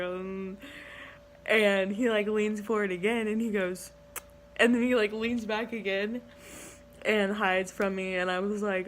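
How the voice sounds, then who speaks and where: A young woman studying education tells a story on her vlog, chatty and giggly, with "like" in nearly every sentence. Her medium-pitched voice is steady and fairly bright, moving at a normal speed. There's slight background noise.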